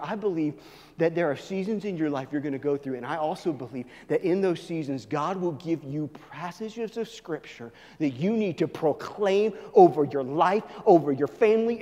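A male pastor preaching a sermon, swinging from hushed, low asides to loud, emphatic proclaiming. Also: lively intonation, normal speed, big-room sound.

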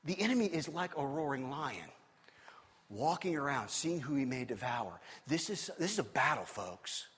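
A male pastor preaching a sermon, swinging between loud emphatic bursts and low hushed passages. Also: very animated, moderate pace, husky, big-room sound.

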